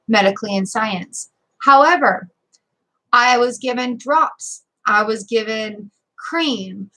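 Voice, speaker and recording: A middle-aged woman reading tarot on a live stream, telling a story in a chatty, animated way and talking straight to her viewers. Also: fairly high pitch, low-quality recording. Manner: animated, talks straight to viewers, repeats phrases for emphasis.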